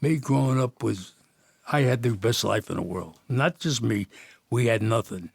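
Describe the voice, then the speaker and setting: A man's voice: mid-range voice, moderate pace, gravelly, breathy edge, dry recording. An older man from Jersey City, a podcast guest, telling rambling old neighborhood stories with many restarts and laughs. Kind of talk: storytelling in casual chat.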